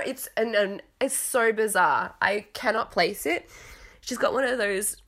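A woman's voice: on the high side, a little slow, a bit bright. A woman from Australia with a mixed Australian accent, rambling and hesitant through a casual recap while fighting a cough. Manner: rambling, hesitant, many fillers. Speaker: vlogger.

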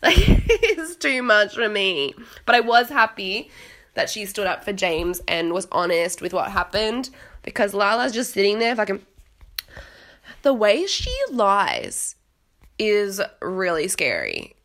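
A woman hosting a casual podcast, gossiping in a chatty, loose way full of filler words. Her voice sits at an ordinary middle pitch. She turns dramatic when she acts out what others said. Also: very animated, takes it slowly, a bit bright. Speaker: podcast host recapping a reality show. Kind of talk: casual chat.

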